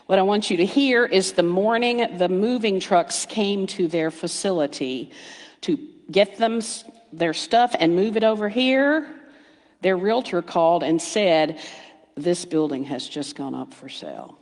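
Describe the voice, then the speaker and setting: A middle-aged woman minister giving a sermon, storytelling warmly with playful asides and hushed emphasis. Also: on the low side, lively intonation, unhurried. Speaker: guest speaker minister. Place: church sanctuary. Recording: reverberant hall.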